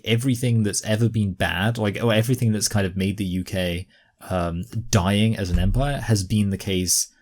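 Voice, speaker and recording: A young man talks through his reaction commentary in a lowish voice. He rambles with plenty of fillers and slides into exasperation. The talk is loose and unscripted.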